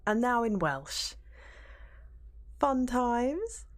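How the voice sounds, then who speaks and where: A woman's voice: fairly high pitch, sing-song, very slow. A young woman streaming a video game, chatting casually, swearing freely and reading out her chat.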